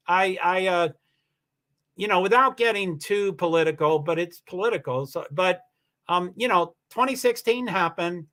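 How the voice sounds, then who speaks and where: Casting note: high-pitched middle-aged male streamer, rambling, chatty, frequent restarts. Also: fairly bright tone. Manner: rambling, many restarts, laughs while telling stories. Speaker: livestream host reading chat comments. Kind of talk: casual livestream chat.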